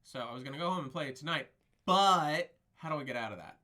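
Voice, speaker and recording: A man's voice: fairly high pitch, animated, quick pace, pushed and bright. A man co-hosting a podcast, chatting casually and telling rambling stories, laughing often. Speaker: podcast co-host. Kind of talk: casual chat.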